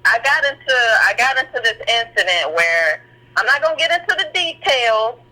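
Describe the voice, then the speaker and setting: A woman phones in to a talk show with a bright, forceful voice. She tells a personal story earnestly and acts out what each person said. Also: fairly high pitch, very animated, moderate pace, poor audio. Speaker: caller. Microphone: phone line.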